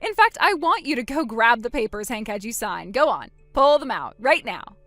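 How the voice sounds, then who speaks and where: A woman voicing a wronged older sister in a dramatized text-message story, speaking quietly and deliberately. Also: a little high, big pitch swings, dry recording, soft background music. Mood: cold.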